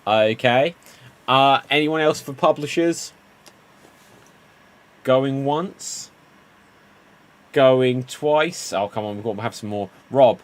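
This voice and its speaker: A man's voice: medium pitch, fairly bright tone. Man hosting an improv joke game. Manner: quick punny joke-telling, calls on players. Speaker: improv show host.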